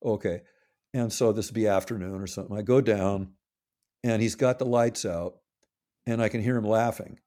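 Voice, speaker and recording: A man's voice: fairly low pitch, steady tone, moderate pace, mellow. An older man telling long, rambling anecdotes in a casual interview, often correcting himself and quoting others. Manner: rambling, self-correcting anecdotes with quoted voices. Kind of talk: casual storytelling.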